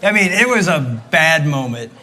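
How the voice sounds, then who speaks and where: A man's voice: fairly high pitch, lively intonation, moderate pace, bright, forceful tone, slight background noise. A middle-aged man giving conversational church teaching on marriage, speaking directly and emphatically as he coaches the men in the audience.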